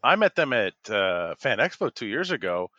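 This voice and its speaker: A man's voice: lowish voice, sing-song, normal speed, sharp tone, no room sound, lo-fi sound. A man co-hosting a podcast in casual chat, chiming in with teasing remarks. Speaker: podcast co-host.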